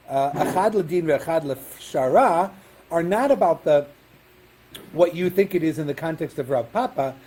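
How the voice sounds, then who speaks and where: A man's voice: a little high, warm tone, husky. A man, a rabbi, lecturing a Talmud class, explaining texts step by step, reading Hebrew and Aramaic terms and checking in with "right?".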